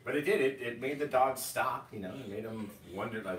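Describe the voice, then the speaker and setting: A man's voice: mid-range voice, a little fast. Chatty male painting instructor, roomy echo. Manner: rambling, chatty, storytelling asides. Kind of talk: casual live tutorial chat. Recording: echoey room, distant mic, faint noise.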